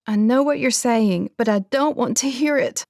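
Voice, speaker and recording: A woman putting on a young ranch woman torn apart by grief. She pleads in a high, tearful voice and drops to soft, hushed comfort, with a slight gravel under it. It is a dry, close audiobook sound. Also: moderate pace, no room sound, lightly acted. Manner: pleading, tearful, whispering soothingly.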